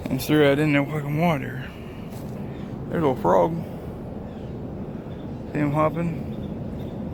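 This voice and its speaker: A man's voice: a little high, steady tone, takes it slowly, creaky, pauses often, background noise. A man who drives trucks, rambling casually and swearing a lot as he walks along a lakeside and films on his phone. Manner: rambling, swears constantly, wandering thoughts. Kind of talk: casual walking vlog. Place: outdoors at a lakeside rest area. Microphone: handheld phone.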